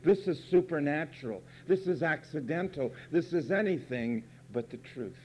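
A man's voice: on the high side, animated, normal speed, a little mellow, slight background noise. A man preaching a fiery, sarcastic sermon from the pulpit, emphatic and blunt. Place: church pulpit.

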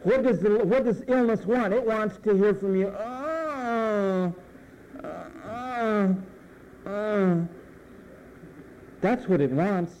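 A man's voice: sits high, normal speed, hardly any pauses, mellow, slight background noise, rough recording. A male pastor preaching a sermon emphatically, drawing out phrase endings and letting them fall.

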